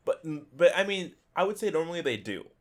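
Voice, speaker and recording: A man co-hosting a casual gaming podcast, talking excitedly and laughing often, on a headset mic. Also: on the high side, a little fast. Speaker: podcast co-host.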